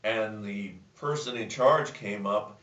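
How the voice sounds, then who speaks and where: A man's voice: on the low side, slow pace, fairly bright tone. A man hosting a casual chat show, telling a joke and rambling with many restarts and fillers. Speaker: show host. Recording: roomy, distant, muffled sound.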